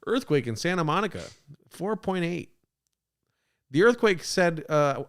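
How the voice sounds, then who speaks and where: A man hosting a podcast, reacting to a clip with crude, excitable, rambling commentary. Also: fairly high pitch, a little slow, clean tone. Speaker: podcast host.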